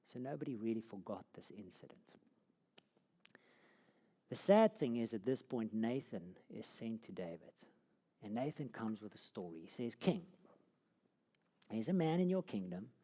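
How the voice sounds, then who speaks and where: A man's voice: lowish voice, animated, unhurried, pauses often, warm tone, husky. A man teaching a Bible course, telling the story dramatically and sinking to a near whisper at key moments. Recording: long hall reverb.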